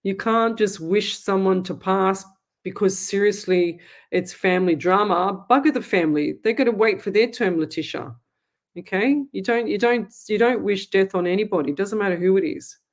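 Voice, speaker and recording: A woman's voice: mid-range voice, moderate pace. A middle-aged Australian woman hosting a live psychic call-in show, talking bluntly and scolding callers in a motherly way. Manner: blunt, motherly scolding, calls people lovey. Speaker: psychic medium radio host.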